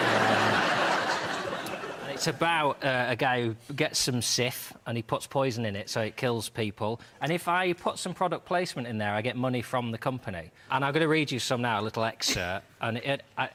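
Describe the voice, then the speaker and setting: Deadpan man reading comic fiction. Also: mid-range voice, slight background noise. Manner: deadpan, playful, breaks into laughter. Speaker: panel show guest. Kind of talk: comic reading of a spoof novel. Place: TV studio with live audience.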